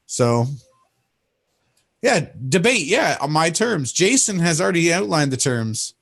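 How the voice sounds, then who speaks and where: A man hosts a livestream in a somewhat raised, higher-leaning voice. He sounds indignant and mocking, rambling from one grievance to the next. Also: very animated, measured pace, gravelly, fairly bright tone. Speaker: host. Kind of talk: casual livestream talk.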